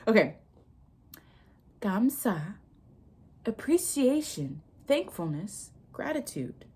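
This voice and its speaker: An American woman in her twenties makes a casual study vlog about learning Korean, chatting and reading a lesson aloud while swearing freely and laughing often. She speaks fairly quickly at medium pitch, with a little hiss or hum in the audio.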